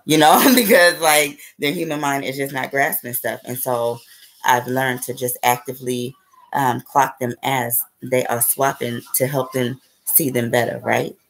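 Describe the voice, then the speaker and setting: Her bass voice moves a little slowly with fairly even intonation, captured on a rough recording. The speaker is a spiritual vlogger telling a casual, meandering story, cursing openly and checking in again and again with "okay?" and "right?"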